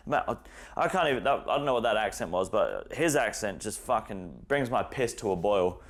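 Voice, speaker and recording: A man's voice: medium pitch, quick pace. A man giving a profane, exasperated reaction commentary, ranting at a video he is watching.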